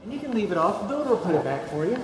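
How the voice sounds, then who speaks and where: A man's voice: high-pitched, rapid-fire. A man with a Texan accent, a home inspector giving a folksy, chatty walkthrough with joking asides. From Texas. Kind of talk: walkthrough narration to a client. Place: empty new house interior. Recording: echoey empty rooms, steady background noise.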